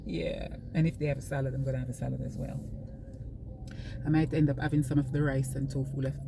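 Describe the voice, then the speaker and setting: Low-voiced woman rambling from her car. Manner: rambling, chatty, many fillers. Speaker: vlogger. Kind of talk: casual chat to camera. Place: inside a moving car on the highway. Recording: mic far off, loud road noise. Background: car and road noise.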